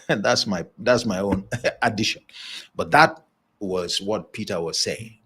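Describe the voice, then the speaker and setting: A man's voice: on the low side, a little slow, bright, forceful tone, slightly rough. A man giving a motivational leadership talk, stressing points by repeating phrases and chuckling now and then. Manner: emphatic preaching delivery with chuckles. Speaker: leadership speaker.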